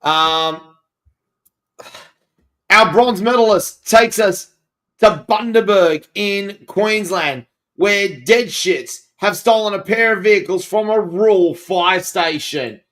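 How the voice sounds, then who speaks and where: A man's voice: high-pitched, takes it slowly, fairly bright tone. An Australian man co-hosting a comedy podcast, telling news stories with wry asides. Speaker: podcast co-host.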